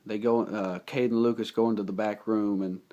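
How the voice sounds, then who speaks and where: A young man with a somewhat low voice talks through a film's plot in a casual, unscripted way. He rambles and gets excited, with plenty of fillers along the way. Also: normal speed, lo-fi sound. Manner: enthusiastic, rambling, with many fillers. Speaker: movie reviewer. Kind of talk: casual spoken movie recap.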